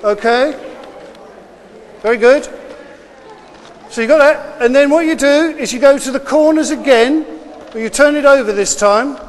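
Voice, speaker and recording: High-voiced man teaching children. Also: in a large hall. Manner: brisk, encouraging, repeats instructions. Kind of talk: classroom instruction. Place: classroom with children.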